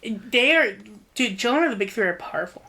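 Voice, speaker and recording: A woman co-hosting a casual book-discussion podcast, recapping the story in a rapid, profane, animated way. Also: on the high side, slight background noise. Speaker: podcast co-host.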